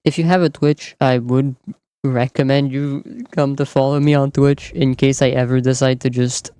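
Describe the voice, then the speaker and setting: A man's voice: mid-range voice, steady tone, normal speed, mellow, smooth, dry recording, clean studio sound. A man with a light French accent chats casually with his stream viewers while he plays. His talk is joking and profane, broken by frequent laughs. He sounds tired from a night without sleep. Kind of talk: casual gaming stream chat.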